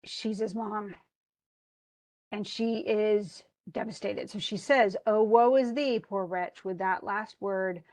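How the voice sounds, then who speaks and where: A woman teaching a literature class in a relaxed, talkative lecture. She retells the story with lots of casual asides. Her voice sits at an ordinary middle pitch and moves between modern slang and quoted archaic lines. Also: no room sound. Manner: chatty plot retelling with frequent "he goes" asides. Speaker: literature instructor.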